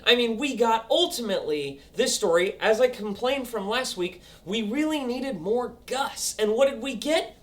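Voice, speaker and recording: A young man reviewing a TV episode, excitable and goofy, acting out scenes as he goes. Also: extremely high pitch, moderate pace. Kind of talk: casual review vlog.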